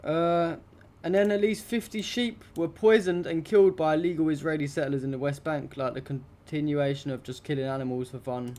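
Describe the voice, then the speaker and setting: A man's voice: fairly high pitch, steady tone, brisk, few pauses, a little mellow. A young adult man hosting a live stream, commenting on news pictures in an indignant, rambling, heavily profane way.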